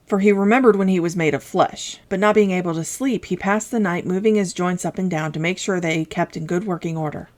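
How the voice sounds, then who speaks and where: A woman reading a children's classic aloud in calm, measured narration. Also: fairly low pitch. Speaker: storybook reader.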